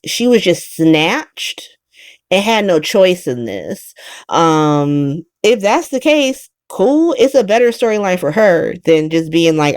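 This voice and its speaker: Animated, slangy woman recapping. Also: mid-range voice, no echo, studio quality. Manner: slangy, animated, laughing storyteller. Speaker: soap opera recap host. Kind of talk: casual recap chat.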